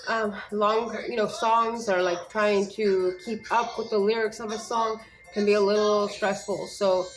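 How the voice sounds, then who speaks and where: A woman's voice: mid-range voice, low-quality recording. Rambling young mother giving speech tips. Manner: rambling, many fillers and restarts. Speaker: parent sharing speech tips. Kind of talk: casual advice vlog.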